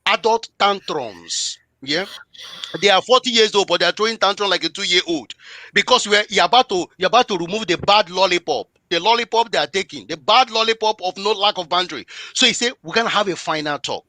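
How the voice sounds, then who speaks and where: A man's voice: high voice, quick pace, bright, forceful tone, no echo. A man giving an impassioned motivational talk on relationships, speaking emphatically, repeating phrases for force and addressing the audience directly.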